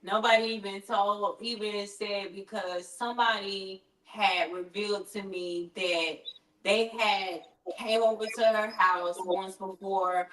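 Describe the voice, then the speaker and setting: A woman's voice: medium pitch, fairly bright tone. A woman, a friend of the deceased, explaining earnestly in an interview with frequent restarts. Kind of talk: conversational interview. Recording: echoey room, voice far from mic.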